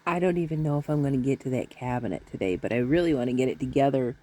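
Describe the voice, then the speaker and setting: A woman's voice: very deep voice, fast, dark tone. A middle-aged woman talking to her viewers from home in a rambling, chatty, self-deprecating way. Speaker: vlogger. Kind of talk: casual chat to camera. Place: at home, indoors.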